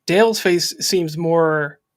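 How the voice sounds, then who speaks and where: A man's voice: on the high side, slow. A man co-hosting a casual live stream about comics, adding short comments and agreeing with the host.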